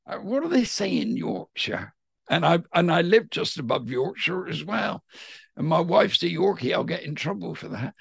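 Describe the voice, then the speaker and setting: A middle-aged man with a West Country English accent speaks in a voice on the high side, at a normal speed, with vocal fry and a husky edge. He's a pantomime actor chatting enthusiastically in a casual interview, telling stories in an animated way. The recording is dry and studio quality.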